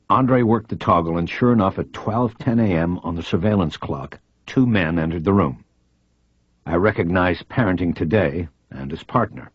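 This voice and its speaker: Deep husky man narrating a thriller. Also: moderate pace, dry recording, highs cut off. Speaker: audiobook narrator. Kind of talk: scripted first-person narration.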